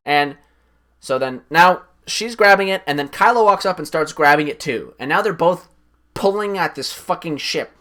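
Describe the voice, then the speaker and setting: A man giving a rambling, swear-filled casual recap of a film he just watched, his voice jumping up when excited. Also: fairly high pitch, moderate pace. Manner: animated, voice jumps up when excited. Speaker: streamer.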